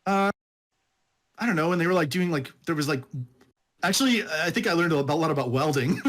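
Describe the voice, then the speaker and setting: A man with a somewhat high voice talks loosely in a casual podcast chat. He rambles, laughs often and drops "dude" into his talk as he reviews a book with a friend. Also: expressive, a little fast, fairly bright tone. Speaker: podcast co-host.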